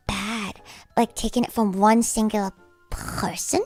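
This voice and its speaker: A woman livestreaming in casual chat, rambling with lots of fillers and breaking into high-pitched laughter. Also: fairly even intonation, takes it slowly, vocal fry, husky, dry recording, faint music behind. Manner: rambling, heavy use of "like".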